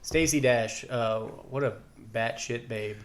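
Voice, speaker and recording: A man's voice: medium pitch, slow. A man co-hosting a podcast, chatting casually with joking, crude banter. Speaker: podcast co-host. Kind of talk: casual chat.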